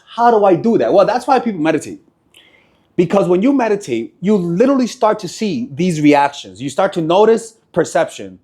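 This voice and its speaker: A self-help speaker gives a casual motivational talk about meditation, reacting bluntly and with profanity and repeating phrases for emphasis. His voice is on the high side and a little mellow.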